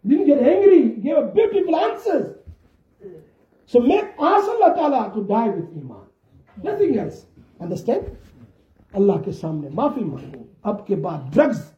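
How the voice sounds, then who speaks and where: A man preaching a sermon with great passion, dropping to quiet pleading and then rising to shouts. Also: very high voice, sing-song, a little slow. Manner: impassioned, swinging from soft to shouting. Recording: echoey, dull lo-fi room recording.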